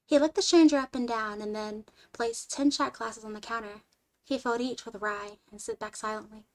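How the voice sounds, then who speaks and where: A woman streamer reading a short story aloud in an expressive way, moving between lively and hushed delivery. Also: on the high side.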